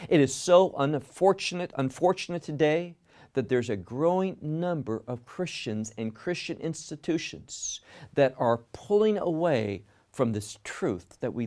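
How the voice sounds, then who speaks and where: A man's voice: fairly high pitch, lively intonation, a little slow, darkish tone. A man teaching a Bible passage in sermon style, emphatic, often asking questions and answering them himself. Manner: emphatic, asks and answers his own questions.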